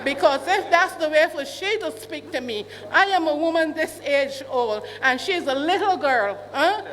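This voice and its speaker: Indignant older Barbadian woman, high voice. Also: expressive, normal speed. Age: 60s. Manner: indignant, repeats questions, rising to shouts. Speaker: resident speaking at a town hall. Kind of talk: public complaint at a meeting. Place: large meeting hall. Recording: hall reverb, faint hum.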